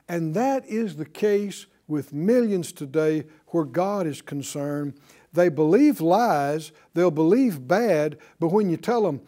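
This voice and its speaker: A man's voice: high-pitched, dark tone. A man preaching a sermon, asking the congregation questions and acting out quotes. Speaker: pastor.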